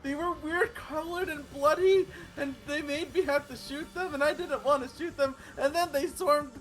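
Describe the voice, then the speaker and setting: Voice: fairly even intonation, fairly bright tone, rough recording. A player voicing a weepy, easily frightened childlike boy in a tabletop role-play, wailing and whimpering between words. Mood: distressed. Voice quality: high, wailing, drawn-out.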